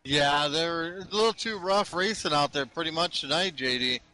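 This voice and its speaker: A man's voice: fairly high pitch, moderate pace, sharp tone, low-quality recording. A man giving casual, drawling color commentary on a sim race as co-commentator. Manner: drawling, casual, ends lines with a name.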